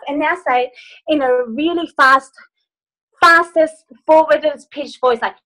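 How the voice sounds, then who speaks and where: A woman's voice: high voice, normal speed, pushed and bright, poor audio. A woman life coach leading a group video call from her phone, giving upbeat, playful instructions.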